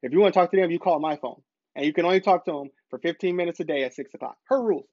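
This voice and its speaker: A man's voice: on the high side, racing. A man recounts a frustrating story in a casual, conversational monologue, leaning on repetition to drive each point home. His voice sits in a dry space with no room echo. The recording is a little dull and muffled. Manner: emphatic, repeats points for stress. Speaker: parent vlogger.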